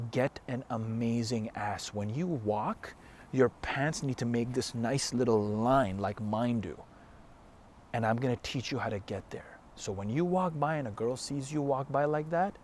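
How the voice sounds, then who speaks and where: A man's voice: mid-range voice, darkish tone, slight background noise. A man giving an emphatic, blunt motivational talk straight to the camera as a fitness coach, with frequent swearing. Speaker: fitness and self-help coach.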